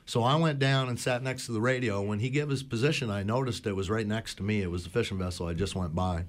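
A lower-pitched man recounts stories from the water on community radio. He rambles, circling back with uhs and you-knows. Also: fast talker. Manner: rambling anecdotes with many fillers. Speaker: boat talk show regular. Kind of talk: casual storytelling on community radio.

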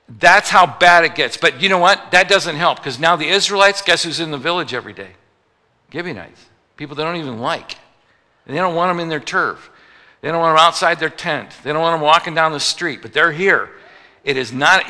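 A man with a slightly high, piercingly bright voice delivers a sermon, teasing the congregation and slipping into quick acted voices for the people in his examples. His words ring out with the long reverb of a big sanctuary. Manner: jokey, acts out little voices for the people he quotes. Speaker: pastor. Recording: long reverb of a large hall.

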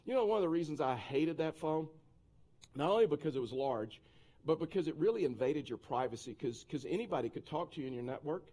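Animated male pastor telling a story. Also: on the high side, fast talker. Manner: animated storyteller with many restarts and asides. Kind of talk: sermon with a personal anecdote.

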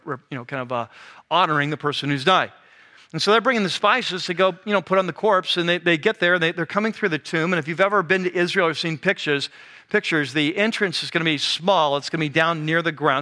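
A man preaching a sermon as a pastor, telling the story in a casual, animated way that drops to a hush for the serious moments. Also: a little high. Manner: conversational, animated storytelling with sudden hushed drops.

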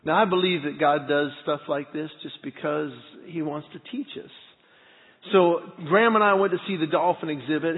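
Middle-aged pastor telling stories, tinny hall echo. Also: male voice, a little high. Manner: animated, acts out dialogue in the story. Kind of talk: storytelling sermon. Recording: tinny lo-fi audio with long hall reverb.

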